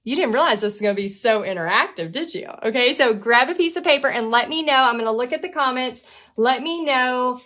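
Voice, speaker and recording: Her voice is expressive, fairly quick, pushed and bright as she hosts a casual live painting lesson from her home art studio. The woman stays chatty and upbeat, addressing her dog in a high baby voice.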